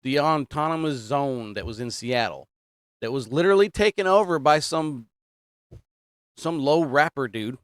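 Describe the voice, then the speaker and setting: A man's voice: mid-range voice, animated, normal speed, smooth, no room sound, studio quality. A man hosting political commentary, talking casually and emphatically, repeating his points and drifting off topic. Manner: repetitive, emphatic, digressing.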